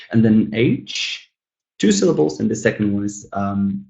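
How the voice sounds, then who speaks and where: A man's voice: fairly low pitch, lively intonation, gravelly, a little mellow, reverberant, poor audio. A man teaching an English webinar, saying each example word twice and chatting to the learners as guys. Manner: drills each word twice, slow and careful. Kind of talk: webinar lesson.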